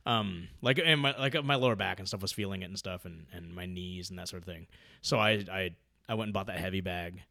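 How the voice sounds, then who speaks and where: A man chatting casually about his training, rambling with lots of fillers and getting loud when excited. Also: deep voice, a little fast, vocal fry, dry recording, clean studio sound. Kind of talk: casual podcast chat.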